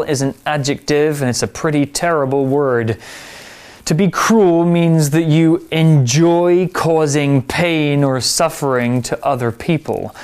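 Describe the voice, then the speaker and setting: A man teaching English vocabulary, explaining words slowly and carefully with example sentences. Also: medium pitch, a little mellow. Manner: slow, careful, clear explanations.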